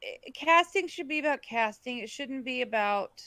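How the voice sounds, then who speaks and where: Woman on a podcast pushing back, kinda high voice, dry close mic, stops and restarts a lot. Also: lively intonation, moderate pace, sharp tone, no echo. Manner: earnest, pushes back, hesitant restarts. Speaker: podcast co-host. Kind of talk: casual discussion.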